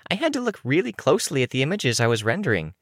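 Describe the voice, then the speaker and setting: A man's voice: medium pitch, big pitch swings, fast, a bit bright, dry recording, clean studio sound, voice pushed up. An audiobook reader voicing a brash, boastful preteen girl hero.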